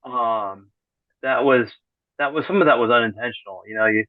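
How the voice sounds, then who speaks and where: A middle-aged man speaks as a podcast guest in a loose, conversational way. He often restarts his sentences and drops in deadpan sarcasm. His voice comes through a thin, phone-like line with no room echo. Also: mid-range voice, normal speed. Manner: rambling, self-correcting, dry sarcastic humor. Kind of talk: casual conversational interview. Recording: tinny phone-like call audio.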